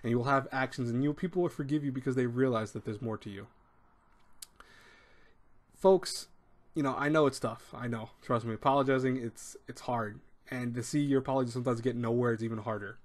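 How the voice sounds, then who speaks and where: A man's voice: mid-range voice, steady tone, a little fast. Man, video advice host, rambling, emphatic, restarts a lot, acts out quotes. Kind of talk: casual advice monologue.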